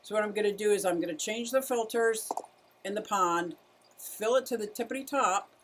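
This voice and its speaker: Chatty woman streaming about her turtles. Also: medium pitch. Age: middle-aged. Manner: chatty, greets viewers, talks to her animals. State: out of breath at times. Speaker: turtle keeper livestreaming. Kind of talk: casual livestream chat.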